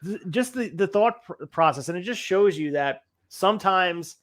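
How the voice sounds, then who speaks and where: A man's voice: sits high, animated, normal speed. A man hosting a podcast, recapping events casually and restarting his sentences while laughing along. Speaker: podcast host. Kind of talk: casual chat.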